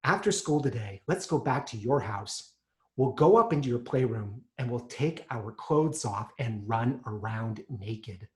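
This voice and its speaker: A man voicing a sly six-year-old boy whispering a secret plan in a hushed, conspiratorial way. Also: medium pitch, expressive, a little fast, few pauses, reverberant, close to an everyday voice.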